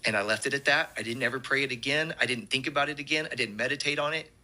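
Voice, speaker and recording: A pastor tells an animated testimony story, acting out the quotes in a fast, mid-range voice.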